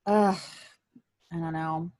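A woman's voice: deep voice, fairly even intonation, slow pace, a little mellow, no room sound. A woman co-hosting a casual podcast chat, who gets emotional and teary when talking about poems she loves. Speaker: podcast co-host.

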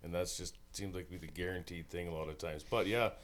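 A man from Saskatchewan, a musician, telling relaxed, rambling, self-deprecating stories in a recording studio. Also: sits low, fast talker, a little hiss or hum. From Saskatchewan, Canada. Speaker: musical guest, singer-songwriter. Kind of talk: casual storytelling chat.

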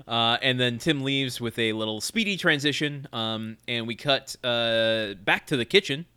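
A man's voice: medium pitch, unhurried, clear, resonant tone. A man co-hosting a casual podcast, recapping a sitcom episode with frequent laughter. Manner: laughs often, animated retelling. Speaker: podcast co-host.

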